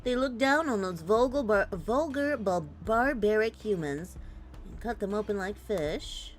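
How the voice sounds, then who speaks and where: A woman's voice: medium pitch, lively intonation, a little slow, faint music behind, lightly acted, low-quality recording. Woman reading as an intrigued researcher. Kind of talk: read-aloud document in a game dub.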